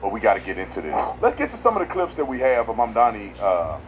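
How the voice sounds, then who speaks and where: A man hosting a casual political commentary video, talking in an emphatic, slangy way and swinging from loud outbursts to low asides. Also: huge pitch swings, quick pace, a little hiss or hum, poor audio.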